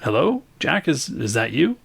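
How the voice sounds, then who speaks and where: A man voicing an emotional, excitable young woman who gushes and apologizes. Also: mid-range voice, normal speed, gravelly, husky, voice pushed up, full character voice. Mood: ecstatic. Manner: gushing, breathless, apologetic.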